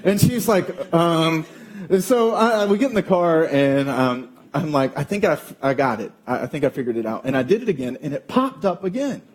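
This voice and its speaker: A man in his thirties preaching a sermon as pastor, telling a family story with animated, acted-out quotes. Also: on the high side, moderate pace. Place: church auditorium.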